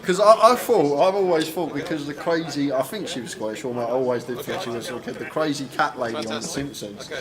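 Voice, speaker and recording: A man rambles through poker commentary, tripping over his words and restarting sentences as he laughs along. His voice sits at an ordinary middle pitch. A busy crowd murmurs clearly behind him. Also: fairly quick. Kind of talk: casual live commentary chat.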